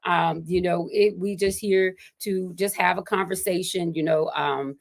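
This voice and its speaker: Low-voiced woman hosting a casual livestream. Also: fairly even intonation, unhurried, creaky. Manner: loose and chatty, with many fillers and laughs. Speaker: host of a live-streamed interview show. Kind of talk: casual live-stream chat.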